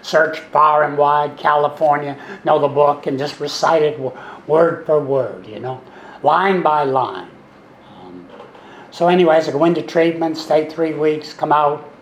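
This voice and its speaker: A man's voice: fairly high pitch, measured pace, roomy sound, a little hiss or hum, low-quality recording. A man in his seventies speaks at a recovery meeting. His talk is folksy and wry, and he often repeats himself. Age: 70s. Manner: folksy, repetitive, wry and sarcastic. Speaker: speaker sharing recovery story. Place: meeting room.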